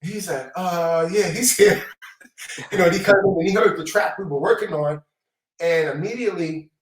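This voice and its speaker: A man's voice: fairly high pitch, normal speed, distant mic. Slangy New man, off-mic echo. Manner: slangy, animated, acts out quotes. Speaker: hip-hop producer guest. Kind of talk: casual storytelling interview.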